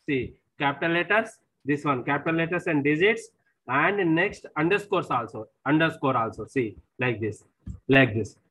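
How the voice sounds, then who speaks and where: Man, Indian English accent, recorded lecture, slightly high-pitched, repeats himself, keeps saying "see". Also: a bit bright, low-quality recording. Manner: repetitive, explanatory, often says "see".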